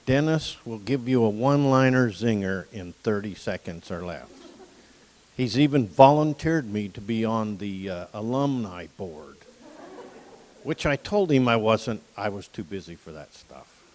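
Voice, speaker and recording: Slow, folksy older man. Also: fairly low pitch, lively intonation, darkish tone, in a large hall, low-quality recording. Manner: folksy and rambling, with pauses and throat-clearing. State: emotional. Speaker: graduating guide dog client. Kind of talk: casual graduation speech. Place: outdoor campus stage with audience.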